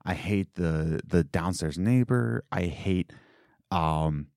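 A young man with a very low voice chats casually, emphatic and jumping up in pitch now and then. The sound is close and dry, with no room around it. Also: slow, darkish tone, no echo. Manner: emphatic, with sudden upward pitch jumps. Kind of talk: casual chat. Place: home apartment.

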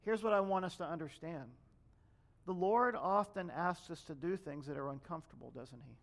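Male pastor, higher-pitched voice, chatty preaching style that slips into quoted voices. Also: normal speed, vocal fry. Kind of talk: sermon.

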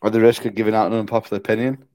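A man's voice: fairly low pitch, flat delivery, rapid-fire, darkish tone, dry recording. A man co-hosting a podcast in casual chat, joking and airing strong opinions. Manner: joking, opinionated, hums tunes. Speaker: podcast co-host.

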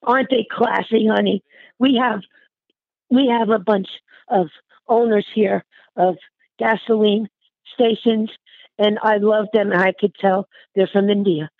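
A woman's voice: medium pitch, steady tone, a little slow, creaky, dry recording. An older woman, short of breath, chatting affectionately in an interview and calling the listener honey. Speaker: interviewee, aunt. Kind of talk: casual phone chat. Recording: tinny phone line, dry.

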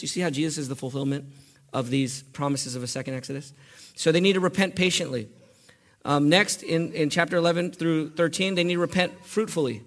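A male pastor preaching a sermon, quizzing his congregation with questions and building to loud, impassioned peaks. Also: on the high side. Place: church.

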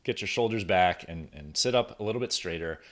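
Recording on camera at his desk, a deep-voiced male host talks casually to listeners on his solo podcast. He restarts and corrects himself mid-thought as if thinking aloud, his delivery expressive, a little fast, and slightly bright.

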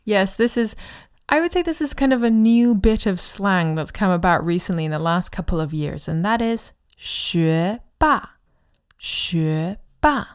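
A woman's voice: medium pitch, animated, darkish tone, clear, resonant tone. Woman teaching Chinese on a podcast. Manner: friendly, explanatory, models Chinese phrases slowly. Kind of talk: podcast language lesson.

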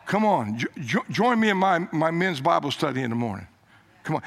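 An older man preaches a sermon as a story. His voice sits high and bright, climbing on emphatic lines and dropping low and soft when he quotes others. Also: big pitch swings, fairly quick, long pauses.

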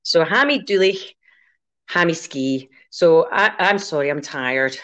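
Fast-talking Scottish woman with a low voice. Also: lively intonation, a bit bright. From Scotland. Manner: fast-talking, laughing often, playful teaching. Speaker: guest teaching Gaelic. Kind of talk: casual podcast chat.

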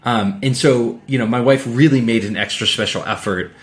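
Male host; relaxed, reflective chat, lots of "you know", quick to laugh. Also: mid-range voice. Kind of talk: casual chat.

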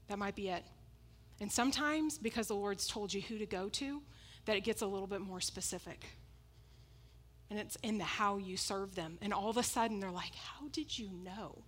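A woman's voice: medium pitch, moderate pace, long pauses. A woman preaching a sermon, emphatic and repetitive, often breaking into laughs as she makes her points.

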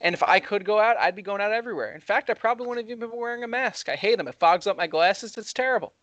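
A young man co-hosting a heated casual debate, talking fast and getting excited as he argues. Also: sits high, dry recording, dull audio. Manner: fast, excitable, rising when worked up. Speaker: co-host.

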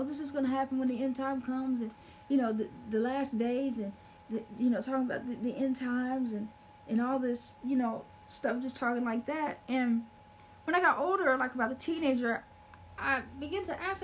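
A woman's voice: on the high side, slight background noise. A woman preaching a sermon in an earnest way, repeating phrases for emphasis with many fillers.

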